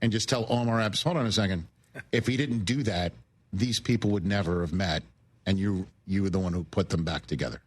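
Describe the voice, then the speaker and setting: Radio host guy, kinda low husky voice, hypes up his guest. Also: brisk. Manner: enthusiastic, affirming interjections. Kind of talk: radio interview.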